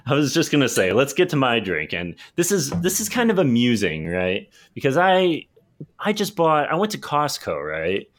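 A man's voice: mid-range voice, wildly swooping pitch, moderate pace, fairly bright tone. A man co-hosting a casual podcast, laid-back and joking, trailing off and restarting as he talks. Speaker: podcast co-host. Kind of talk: casual chat.

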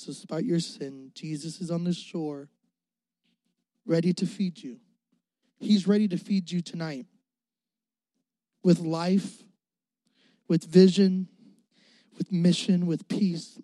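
A man's voice: sits high, dark tone, dry recording. A young adult man, a youth pastor, preaching a sermon with emphatic repetition and rising and falling volume.

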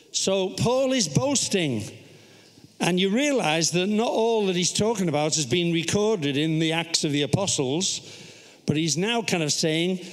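A man preaching a playful, interactive sermon, quizzing his audience and reading scripture aloud with building emphasis. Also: sits high. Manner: playful, asks the audience to sit down or stand; reads scripture with rising emphasis. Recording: long hall reverb.

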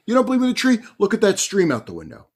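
A man's voice: high voice, huge pitch swings, measured pace, husky, voice pushed up, full character voice. A man voicing a stubborn, exasperated elderly chief rabbi in a retold story, insistent and pleading.

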